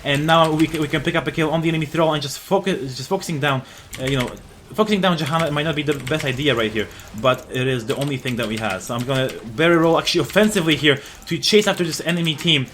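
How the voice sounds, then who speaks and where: A man giving live commentary over his own gameplay, explaining his moves, getting excited and swearing at enemies, with frequent fillers and restarts. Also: mid-range voice, fast, slight background noise.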